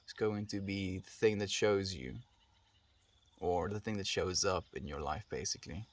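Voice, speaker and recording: Soft-spoken South African man streaming. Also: sits low, moderate pace. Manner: gentle, affectionate, reads out and answers chat messages. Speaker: livestreamer. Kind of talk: casual live-stream chat with viewers.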